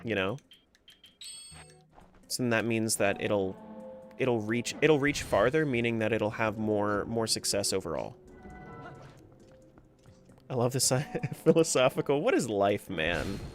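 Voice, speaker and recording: A man's voice: fairly low pitch, animated, measured pace, pauses often, faint music behind. A man chatting casually on a live stream as he plays a game, talking to himself and to chat and laughing often.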